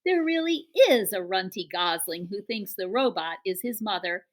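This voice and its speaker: A woman's voice: medium pitch, lively intonation, moderate pace, lightly acted. A woman voicing a bossy young female bear who bullies with sarcastic, mocking talk.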